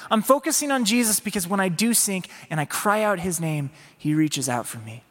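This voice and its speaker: A man delivers a sermon with an earnest, conversational manner. His voice sits a little high for a man. It carries a long hall reverb, as in a church sanctuary. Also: animated, brisk, a bit bright. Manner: earnest, voices Peter's inner plea in a raised pleading tone. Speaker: preacher.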